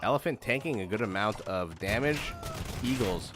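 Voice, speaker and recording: A man's voice: on the low side, animated, moderate pace, over music. Chatty man casting a live match. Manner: chatty, talks directly to viewers. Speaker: game caster. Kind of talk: live esports play-by-play commentary. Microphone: streaming microphone. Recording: noisy live stream recording.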